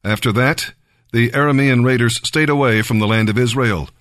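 A man reading scripture aloud in a slow, deliberate, measured way. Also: medium pitch, fairly bright tone, dry recording, studio quality. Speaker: Bible reader.

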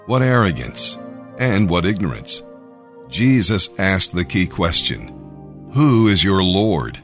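Low-voiced man reading scripture. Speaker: Bible reading narrator. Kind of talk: scripted devotional Bible reading.

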